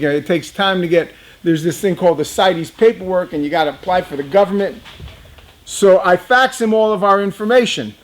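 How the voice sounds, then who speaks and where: A reptile business owner in his fifties casually tells a personal story, chatting and laughing often as he speaks directly to young viewers. His voice sits high, and he talks at a normal speed.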